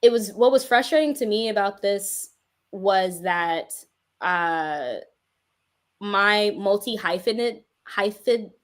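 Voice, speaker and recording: A young adult woman, a guest music artist in a casual interview, telling her story with lively animation. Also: mid-range voice, slow.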